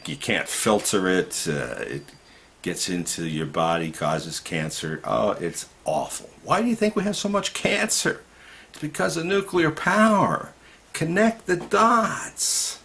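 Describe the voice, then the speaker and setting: Gravelly, indignant ranting man. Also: low-pitched, a bit bright. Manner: indignant and ranting, rising to outbursts. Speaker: video commentator. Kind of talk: impassioned political monologue.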